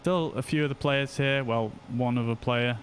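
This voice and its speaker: A man giving casual commentary while streaming a flight simulator, switching to slow, flat voice commands now and then. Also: mid-range voice, a little hiss or hum. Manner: slow, flat voice commands between chatty asides.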